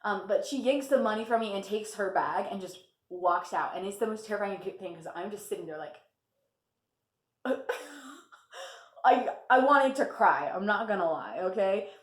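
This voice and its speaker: A woman's voice: mid-range voice, animated, normal speed. Chatty young woman in an echoey room. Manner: chatty, laughs often, lots of fillers. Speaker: vlogger. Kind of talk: casual storytime vlog.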